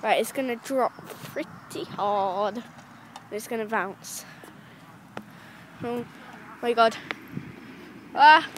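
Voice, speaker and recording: A young female vlogger filming herself on a phone at an outdoor playground, chatty and excitable, squealing on the rides. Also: fairly high pitch, slow pace, pauses often, low-quality recording. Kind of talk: casual vlog narration. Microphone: handheld phone. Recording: loud wind noise on a phone mic outdoors. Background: wind and outdoor noise.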